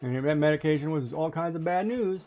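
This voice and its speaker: A woman's voice: low voice, quick pace, mellow, muffled recording. Woman streamer, casual storytelling, laughs a lot, faint music behind. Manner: chatty storytelling, laughing often. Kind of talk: casual chat while playing a game.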